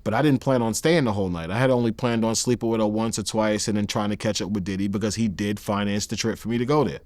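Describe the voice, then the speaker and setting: A man in an interview, telling a long personal story in a lively way and acting out the people he quotes. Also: lowish voice, fast talker, dry recording. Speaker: interview guest.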